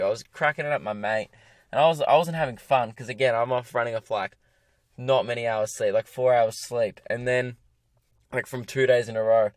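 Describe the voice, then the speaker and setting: A man's voice: medium pitch, steady tone, moderate pace, dry recording. A young Australian man hosting a comedy podcast alone from a parked car, ranting in an exasperated, rambling, self-mocking way. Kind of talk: rambling solo podcast rant.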